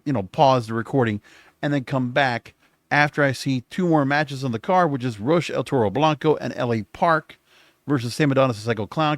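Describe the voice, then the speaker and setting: Recorded at studio quality with no room sound, a man in a mid-range voice hosts a solo podcast late at night, casually rambling through a recap and frequently correcting himself.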